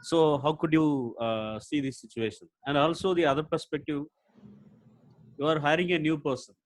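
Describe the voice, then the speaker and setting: A man's voice: on the high side, fairly even intonation, no room sound, rough recording. Hesitant, polite man asking a question. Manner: hesitant, many "uh" pauses, addresses speaker as sir. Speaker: webinar participant asking a question.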